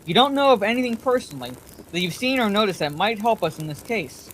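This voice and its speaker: A woman voicing a brisk, impatient middle-aged colonel questioning witnesses in a bedtime story reading. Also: medium pitch, animated, a bit bright, slight background noise, close to an everyday voice, poor audio.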